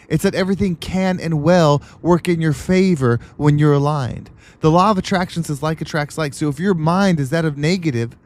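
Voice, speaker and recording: A podcast host with a slightly high, darkish voice delivers a motivational monologue. His cadence is emphatic and repetitive, like a pep talk.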